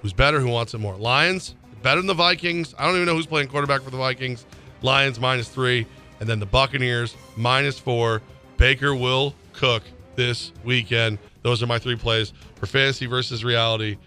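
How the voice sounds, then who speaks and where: Bright, excitable sports radio man. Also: medium pitch, normal speed, soft background music. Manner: rambling, excitable storyteller. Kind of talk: sports talk and live-read ad.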